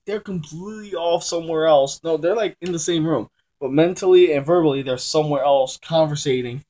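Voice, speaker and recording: A man's voice: on the high side, fairly quick, few pauses, warm tone. Rambling young man reviewing comics. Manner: rambling, self-correcting, informal slang. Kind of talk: casual chat. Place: room at home during a move.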